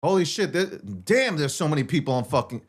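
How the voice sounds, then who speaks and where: A man's voice: a little high, sing-song, fairly quick, slightly rough. A man hosting a livestream, talking in an intense, profane and repetitive rant. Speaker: livestream host. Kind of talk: ranting livestream monologue.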